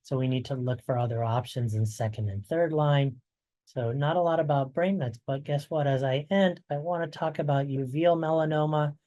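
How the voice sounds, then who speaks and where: A man's voice: on the high side, fairly even intonation, moderate pace, warm tone. A man presenting research updates in a webinar, conversational and fond of rhetorical asides, while losing his voice.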